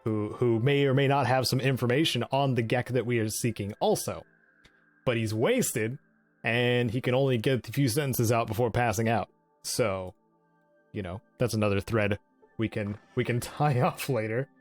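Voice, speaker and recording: A man's voice: mid-range voice, moderate pace, no room sound, faint music behind. A man giving casual game commentary, chatty and giggly, often restarting his sentences. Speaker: let's play host.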